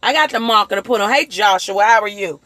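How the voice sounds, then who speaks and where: A woman hosting a casual motivational livestream on her phone, talking in a rambling, animated way and acting out the voices of people she quotes. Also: mid-range voice, fast talker, dry recording. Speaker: livestream host.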